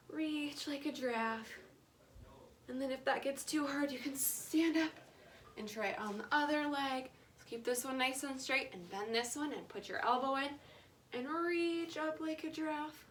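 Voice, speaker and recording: Guiding a yoga session for children, a young female teacher uses a high, fairly bright voice. There is a slight hiss or hum in the recording, and she talks to the kids simply, with a playful, encouraging tone.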